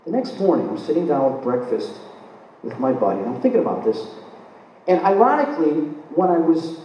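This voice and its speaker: Male lecturer, live talk, animated storyteller who acts out the dialogue, distant mic in a very echoey room. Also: on the high side, a little fast. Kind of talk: live spiritual lecture, personal anecdote. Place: event hall, recorded from the audience. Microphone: distant camera mic. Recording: echoey hall, distant mic, faint hiss.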